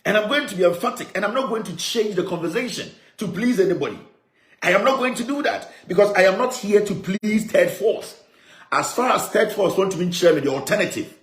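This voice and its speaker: A man's voice: sits high, roomy sound. A man with a Ghanaian accent delivering an emphatic, combative political monologue as a media chief, repeating his points and slipping into Akan phrases. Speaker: media CEO and commentator.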